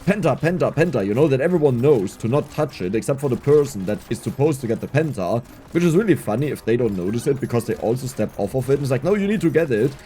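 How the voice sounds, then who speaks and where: A man giving casual gameplay commentary, excitable and laughing often, with a strained, scratchy voice. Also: medium pitch, quick pace, few pauses. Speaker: gaming YouTuber.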